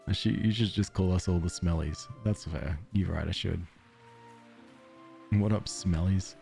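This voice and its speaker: A man's voice: deep voice, creaky, darkish tone. A man with an Australian accent streaming a game, chatting casually with viewers in a joking, self-deprecating way and laughing often.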